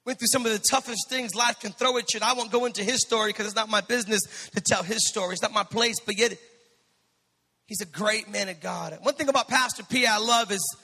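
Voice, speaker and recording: A male pastor preaching a sermon in a church, impassioned, building to shouted peaks and joking with the congregation. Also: high-pitched, a little fast. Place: church sanctuary. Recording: reverberant church hall.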